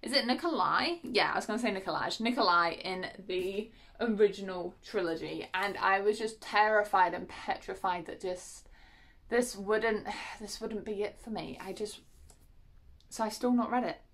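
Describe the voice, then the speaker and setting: A woman's voice: medium pitch, moderate pace, a bit bright. Giggly, self-correcting book vlogger, woman, casual at-home chat. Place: at home, unboxing parcels.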